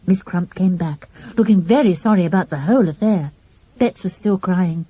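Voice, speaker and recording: A woman narrating a children's mystery audiobook with a lively, expressive reading. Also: on the low side, moderate pace, husky, no echo. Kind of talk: storybook narration.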